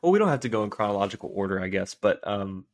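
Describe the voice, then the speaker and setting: A man co-hosting a casual fan podcast, retelling scenes excitedly with lots of filler words. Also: on the low side, fast. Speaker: podcast co-host.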